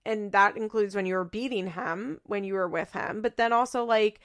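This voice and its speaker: A woman's voice: medium pitch, no room sound, studio quality. A woman casually recapping a reality show, chatty and opinionated, laughing and acting out the people she quotes. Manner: chatty, laughing, animated quoting.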